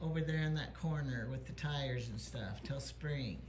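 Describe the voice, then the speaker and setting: A woman chatting in her home kitchen, curious and gently bossy, asking many questions. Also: extremely low pitch, normal speed, slight background noise. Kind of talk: casual kitchen chat.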